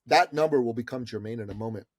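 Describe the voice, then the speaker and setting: A man's voice: mid-range voice, fast talker, no room sound, clean studio sound. A middle-aged man telling a story as an interview guest, in an emphatic, persuasive way. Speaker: podcast guest.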